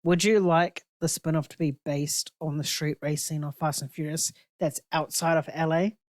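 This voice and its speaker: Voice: medium pitch, fairly even intonation, normal speed, no room sound, clean studio sound. A young podcast co-host who speaks bluntly and swears freely in a casual chat about films.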